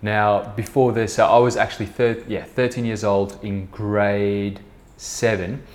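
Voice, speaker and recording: A man's voice: fairly low pitch, level tone, a little slow. A man in his thirties from South Africa with an Afrikaans accent, talking casually and rambling with many fillers on his own podcast. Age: 30s. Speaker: podcast host, business co-founder. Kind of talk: casual solo podcast talk.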